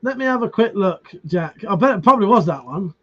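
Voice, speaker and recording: A man's voice: high-pitched, animated, fairly quick. A man chatting casually with viewers on a live stream, reading comments, greeting them by name and swearing freely. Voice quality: swears freely, restarts words. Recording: dull lo-fi stream audio.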